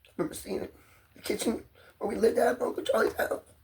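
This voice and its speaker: A man's voice: high-pitched, steady tone, quick pace, gravelly, slightly rough. A man rambling through a profane, emotionally volatile personal monologue to his camera. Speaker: vlogger.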